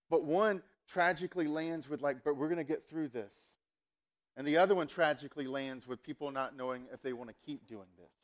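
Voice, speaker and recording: A man preaching a sermon as a pastor, telling stories in a chatty, animated way and getting fired up and emphatic. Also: sits high. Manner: conversational, animated storytelling with many asides; fired-up, emphatic when worked up.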